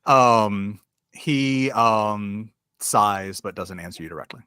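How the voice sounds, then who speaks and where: Man game master, slow and halting, lowish voice, dry close mic. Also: sharp tone, clear, resonant tone, dry recording. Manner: slow, halting, many fillers. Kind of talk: narrating a tabletop game.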